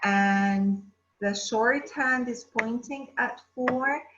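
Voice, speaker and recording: A woman teaching an English lesson to children, drawing out words slowly and asking the class questions. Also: a little high, noisy background. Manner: slow, drawn-out words, addressing children. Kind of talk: distance-learning phonics lesson. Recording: roomy, dull lo-fi sound.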